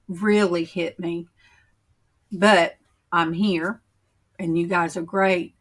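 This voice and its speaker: A woman chatting on her faith livestream, talking slowly and emotionally with many pauses and fillers. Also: lowish voice. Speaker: channel host on a faith livestream. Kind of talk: casual chat, reading viewer comments.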